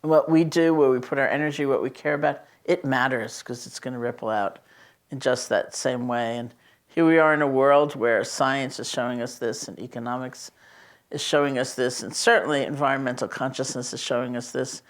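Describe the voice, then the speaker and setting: A woman's voice: extremely low pitch, fairly even intonation, fairly quick. Woman meditation teacher telling stories. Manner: storytelling, conversational, gently emphatic. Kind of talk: reflective teaching talk.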